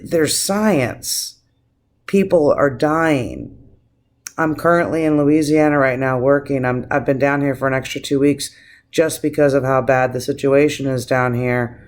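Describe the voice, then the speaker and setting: A man rants to camera on his vlog, cursing freely and circling back through restarts. His voice sits at an ordinary mid pitch. He talks with plain, impassioned feeling. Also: measured pace. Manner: profane, impassioned, rambling with restarts. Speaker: vlogger. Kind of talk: casual vlog rant.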